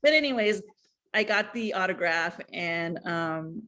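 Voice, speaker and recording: A woman telling a personal story in casual chat, animated, acting out what others said, with many fillers. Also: fairly low pitch, a little slow. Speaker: guest.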